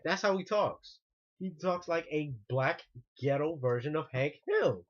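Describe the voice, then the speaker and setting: Man, vlog rant, indignant, repetitive, restarts, higher voice, muffled lo-fi audio. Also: normal speed. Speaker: online ranter. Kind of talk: ranting vlog monologue. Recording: muffled lo-fi recording.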